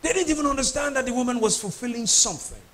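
A pastor delivers a sermon in a notably high voice. He presses his points hard, repeats phrases and keeps asking the congregation whether they are following. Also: rapid-fire, a bit bright. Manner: emphatic preaching with repeated phrases and questions to the congregation.

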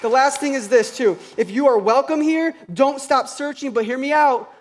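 High-voiced pastor with a lilt. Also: male voice, moderate pace. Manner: conversational and animated, with sarcastic humor; swings from quiet asides to loud passionate peaks. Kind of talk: sermon.

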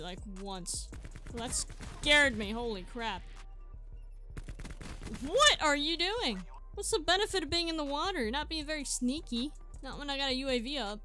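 A woman hosting a gaming channel, giving casual, excitable commentary over gameplay and mocking her opponents. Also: fairly high pitch. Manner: excitable, trash-talking opponents.

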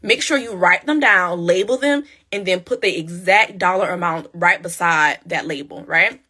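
Bright-voiced woman giving money advice. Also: fairly low pitch, normal speed, husky. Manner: repeats key phrases for emphasis, chatty and direct. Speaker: podcast host. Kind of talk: casual motivational talk.

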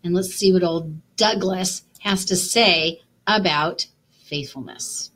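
A woman's voice: fairly low pitch, takes it slowly, fairly bright tone, low-quality recording. An older woman leading a children's Bible lesson in a cheery, coaxing way. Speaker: Bible teacher. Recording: music playing behind.

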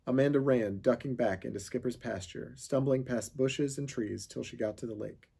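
A man reading a children's chapter book aloud, with steady storytelling narration. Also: medium pitch, normal speed, creaky, breathy edge. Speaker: reader of a children's novel.

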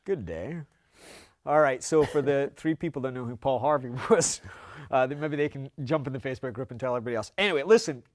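A man's voice: medium pitch, fairly even intonation, quick pace, darkish tone, dry recording. A man co-hosting a casual trade show, joking around with frequent laughs and keeping things moving. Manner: jokey, upbeat, frequent laughs. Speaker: co-host. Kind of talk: casual chat.

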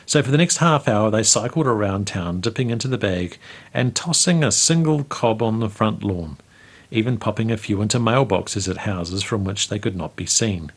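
A man reads a memoir aloud at an unhurried, storytelling pace. His voice is husky and sits a little low. He hosts the segment as its narrator. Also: animated. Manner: measured, storytelling delivery. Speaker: host reading local history stories.

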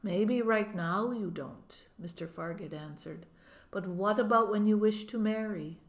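A stern male immigration official who questions dryly and skeptically, read by a woman. The pitch stays in a middle range. The audiobook recording has a roomy echo. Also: measured pace, natural voice. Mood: questioning. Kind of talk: audiobook reading.

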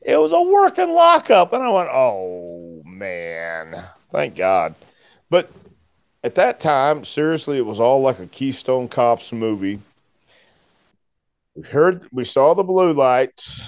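A man, a former wrestler, telling a story in a casual chat, animated and laughing often as he acts out the voices. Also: a little high, a little slow, no room sound.

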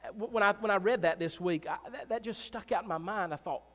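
High-voiced preacher in a reverberant hall. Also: male voice, brisk. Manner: emphatic, repeats phrases, swings between loud and soft; joking asides to the congregation. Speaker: pastor. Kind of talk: sermon. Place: church sanctuary.

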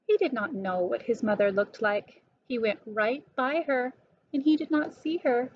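A woman slowly and deliberately reading a children's picture book aloud. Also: on the high side, slight background noise. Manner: slow, clear and deliberate. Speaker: storybook reader. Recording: dull lo-fi recording.

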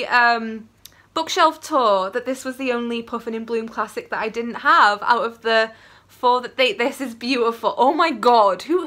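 A young woman chatting casually in a book vlog, gushing and excitable, with many fillers. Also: fairly high pitch. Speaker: book vlogger.

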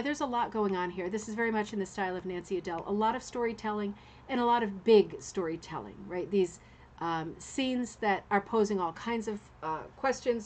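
A woman of medium pitch talks through pictures on a casual live stream, musing and circling back as ideas come to her. She answers viewers' comments in a chatty, unhurried way. A faint background hum sits under her voice. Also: a little mellow. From Canada. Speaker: host of a rug hooking club show.

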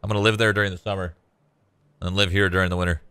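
A man's voice: low-pitched, flat delivery, rapid-fire, bright, forceful tone, clean tone, dry recording. A man streaming a shooter game, chatting casually to viewers with a laid-back, joking manner and frequent swearing. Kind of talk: casual gameplay commentary.

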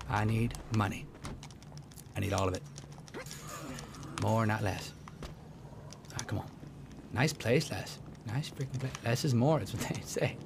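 A man rambles and jokes his way through gameplay commentary. His voice has a gravelly edge and swings lively in pitch. Game sounds play behind him. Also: noisy background. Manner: goofy, joking, rambling.

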